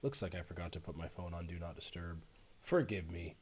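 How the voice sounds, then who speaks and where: A man's voice: deep voice, a little fast, slight background noise. A man teaching a music production walkthrough into a USB desk microphone, chatty and self-correcting as he explains. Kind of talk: screen-recorded tutorial walkthrough.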